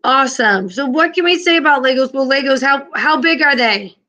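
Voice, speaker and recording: A woman's voice: high voice, lively intonation, fairly quick, pushed and bright. A woman teacher leading an online class, upbeat and encouraging with her students.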